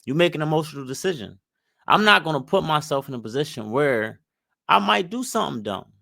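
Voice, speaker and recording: A man's voice: a little high, expressive, brisk, vocal fry, sharp tone, dry recording. Dude breaking down a clip for his channel, chill and rambly, dry mic. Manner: loose, reflective, full of fillers like "like" and "mind you". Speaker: host reacting to an interview clip. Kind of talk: commentary on a video.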